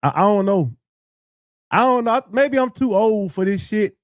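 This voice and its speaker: A man's voice: high voice, animated, unhurried, dry recording, clean studio sound. A man hosting a reaction video, mocking the clip he watches and calling out its lies. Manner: mocking, scatting along; disbelieving, calls out lies. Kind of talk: reaction commentary.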